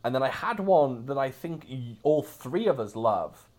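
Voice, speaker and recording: Man, podcast host, casual chat, lively pitch, self-mocking. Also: unhurried. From Wales.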